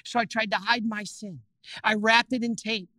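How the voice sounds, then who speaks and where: A male preacher tells stories with lively energy and throws questions at his listeners. His voice is bright and ringing. The sound is dry and close. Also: high-pitched, normal speed, no echo. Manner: animated, acts out scenes, asks the audience questions. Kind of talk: storytelling sermon.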